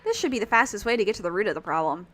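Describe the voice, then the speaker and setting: A woman's voice: mid-range voice, lively intonation, rapid-fire, fairly bright tone. A woman reading game dialogue aloud for a tiny, brash male sidekick who talks in a cocky, teasing way.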